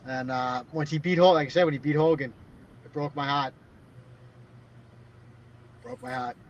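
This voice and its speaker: A man's voice: on the high side, moderate pace, a little hiss or hum. A man with a slightly raised voice trades stories in a casual podcast chat. He swears freely and leans on "like" as filler. The sound is dull and lo-fi. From Boston area. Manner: blunt, profane storytelling with many "like" fillers. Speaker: podcast co-host.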